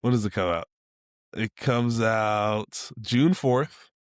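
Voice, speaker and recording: A man co-hosting a casual tech podcast, lively and quick to laugh, short on sleep. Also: on the low side, smooth, dry recording, clean studio sound. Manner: animated, laughs through stories. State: sleep-deprived. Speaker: podcast co-host.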